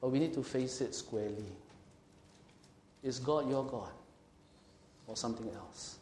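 A male pastor preaching an emphatic sermon. He slows and swells on scripture and asks the congregation questions. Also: medium pitch, darkish tone, a little hiss or hum. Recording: roomy hall echo.

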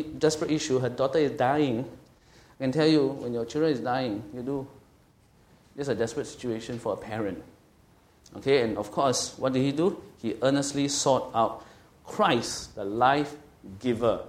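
A man's voice: medium pitch, a little mellow. A middle-aged man preaching a sermon as a pastor, conversational and emphatic, often checking in with his listeners. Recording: echoey room.

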